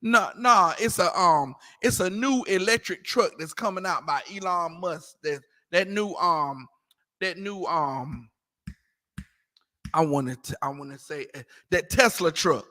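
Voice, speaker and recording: A man talking casually in a scripture class, animated and mocking, acting out the voices he quotes. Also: sits high, measured pace, big-room sound. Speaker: class teacher.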